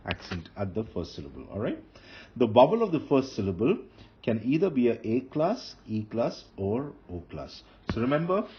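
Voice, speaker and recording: A man teaching Hebrew grammar as he writes on a board, patiently repeating key terms and restarting phrases. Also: lowish voice. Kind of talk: explanatory lecture while writing on a board. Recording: dull lo-fi sound with faint noise.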